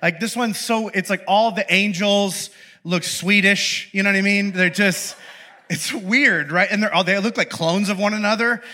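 A man's voice: sits high, moderate pace, pushed and bright. A young adult man giving a casual, humorous sermon as pastor. He is chatty and playful and often interrupts himself.

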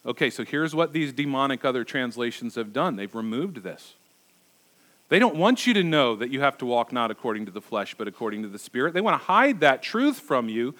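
A man voicing an indignant, suspicious alarmist in a lower, darker tone than his own. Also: very animated, brisk, fairly bright tone.

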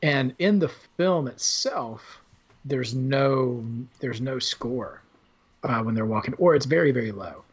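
A podcast host rambles casually about films, full of fillers and restarts. His medium-pitched voice has lively intonation, a measured pace and a breathy edge, though the audio sounds dull.

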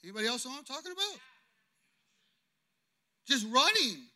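A man preaching a sermon as pastor, impassioned and swinging between loud declarations and hushed storytelling. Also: very high-pitched, sing-song, brisk.

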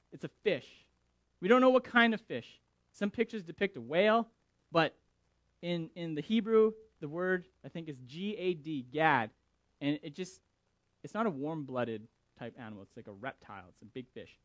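Male preacher, emphatic, slightly high voice, dry close sound. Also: normal speed, no echo. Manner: animated, emphatic, repeats words. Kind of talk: scripture reading and sermon commentary.

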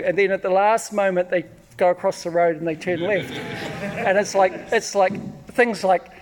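A man preaching a sermon, telling personal stories in an animated way, acting out shouts and often repeating words. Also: sits high, normal speed, a little hiss or hum. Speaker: pastor.

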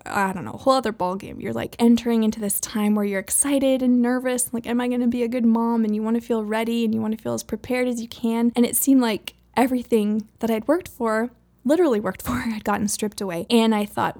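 A woman's voice: fairly high pitch, fairly even intonation, fairly quick, dark tone. Woman, 30s, personal faith testimony; earnest, emotional, close to tears, chatty and laughing between lines. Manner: earnest and emotional, laughs often, says "like" and "you know". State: near tears. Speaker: speaker sharing a faith story.

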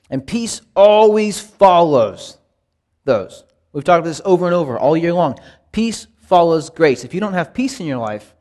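A man teaches a Bible study in a conversational sermon style, earnest and emphatic, his slightly high voice rising with life whenever he quotes scripture.

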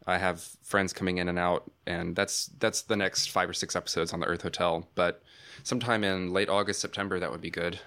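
A man's voice: low-pitched, fairly even intonation, fairly quick, fairly bright tone, clear, resonant tone. A man podcaster chatting casually, hesitating and restarting his sentences. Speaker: podcaster and co-host. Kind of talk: casual chat.

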